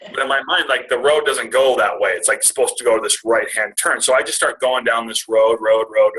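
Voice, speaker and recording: A man with a bright, clear, mid-pitched voice tells a personal story to a live crowd. His delivery is animated and chatty, full of asides aimed straight at his listeners, like a speaker at a retreat. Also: brisk, low-quality recording. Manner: animated, conversational, addresses audience as "you guys". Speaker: motivational speaker at a business retreat.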